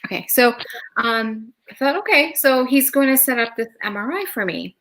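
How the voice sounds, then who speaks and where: A woman's voice: fairly high pitch, lively intonation, moderate pace, fairly bright tone, poor audio. A middle-aged woman hosting a live talk show, casually telling her own story and acting out the dialogue with lots of "like"s. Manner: chatty, retells dialogue with many "like"s.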